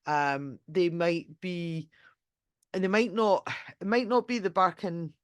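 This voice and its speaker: Speaking slowly in a fairly low voice, a dog trainer runs a casual live online session through her computer mic during a screen share, and the recording is dry. Her talk is chatty and rambling, packed with fillers and restarts, with casual swearing and occasional impressions of a dog's thoughts.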